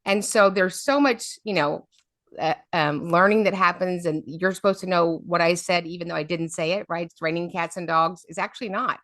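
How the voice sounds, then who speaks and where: Her voice is on the low side and her pace moderate, captured cleanly in a studio with no room sound. A middle-aged special education advocate, she's a guest telling stories in an interview, livening them up and often tossing in "right?"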